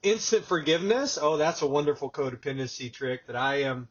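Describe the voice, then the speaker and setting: A man's voice: medium pitch, fairly quick. A man hosting a casual podcast conversation, telling stories and acting out what people said. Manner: animated storyteller, acts out quotes. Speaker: podcast host. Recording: dull lo-fi audio.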